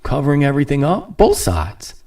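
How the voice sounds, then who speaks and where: A man's voice: on the high side, huge pitch swings, moderate pace, gravelly, mellow, distant mic. A man hosting a podcast, ranting in a casual monologue, sarcastic and rambling, slipping into mocking voices and laughing often. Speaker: podcast host.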